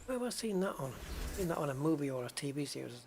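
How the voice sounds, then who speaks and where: A chatty man rambles casually to his stream chat while he plays. His voice sits a touch higher than most men's. A faint background hiss sits under his talk. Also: very animated, fast, gravelly, a little mellow. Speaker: gaming streamer.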